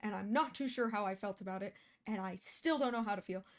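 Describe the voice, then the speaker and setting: A woman's voice: mid-range voice, fast. A woman hosting a reaction video, talking casually and emotionally, with many fillers and restarts.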